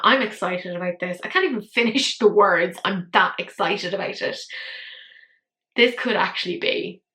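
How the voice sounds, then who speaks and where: A woman talks through makeup releases in a bright, sharp voice, ranting and swearing with self-mocking exasperation. Her voice rings in a roomy, echoey space. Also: medium pitch. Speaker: makeup commentary host. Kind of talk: casual ranting commentary. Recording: echoey room.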